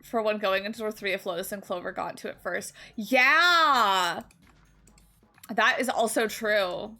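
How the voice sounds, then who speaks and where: A woman's voice: mid-range voice, steady tone, brisk, gravelly, fairly bright tone, soft background music. A young woman streaming a game, reading the story aloud and chatting casually.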